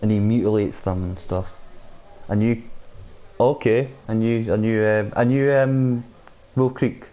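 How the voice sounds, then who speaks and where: A man's voice: fairly low pitch, fairly even intonation, a little slow, pauses often, dark tone. A man casually chatting with viewers while streaming a game, reading out their comments as he plays. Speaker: gaming streamer. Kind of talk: casual live-stream chat.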